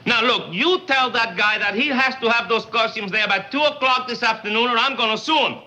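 An actor with a Cuban accent playing a busy, harried bandleader husband who talks briskly and with exasperation, from an old sitcom clip. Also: male voice, extremely high pitch, bright, forceful tone, exaggerated voice.

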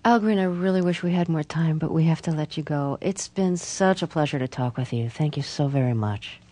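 A woman interviewing a guest and then announcing a closing note in a measured way. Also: deep voice, dark tone. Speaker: radio interviewer.

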